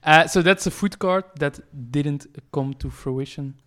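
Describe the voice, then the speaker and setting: Podcast co-host: a man, hesitant and chatty, a little high-pitched and smooth. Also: a little slow, fairly bright tone. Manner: hesitant, many fillers and restarts, laughs often. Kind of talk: casual chat.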